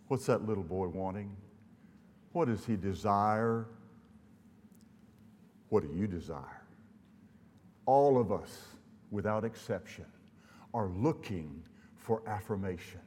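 A man's voice: fairly low pitch, takes it slowly, pauses often, a little mellow, breathy edge. An older man from Louisiana preaching a sermon in a church, telling folksy humorous stories. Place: church sanctuary. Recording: long hall reverb.

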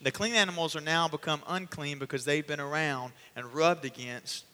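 A man preaching a sermon, telling the story in an animated way and acting out the voices. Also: a little high, moderate pace, in a large hall.

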